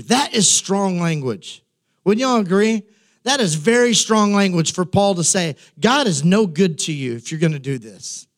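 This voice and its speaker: A high-voiced male pastor delivers a sermon. He keeps it conversational, repeating lines for emphasis and talking straight to the room. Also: lively intonation, normal speed. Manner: conversational preaching with emphatic repetition.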